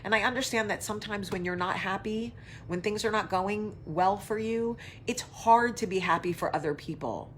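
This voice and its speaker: A woman hosts a loose, off-the-cuff talk show, rambling from one tangent to the next and answering her viewers' comments. She swears freely and keeps a mid-range voice. A faint low rumble sits behind her. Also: normal speed. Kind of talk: casual live chat to viewers.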